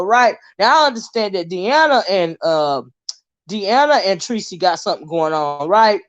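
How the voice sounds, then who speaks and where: A woman's voice: fairly high pitch, moderate pace. A woman hosting a casual livestream, chatting about online drama with lots of asides to her viewers. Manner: chatty, animated, drawling asides. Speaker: YouTube commentary host. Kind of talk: casual livestream gossip commentary. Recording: dull lo-fi livestream audio.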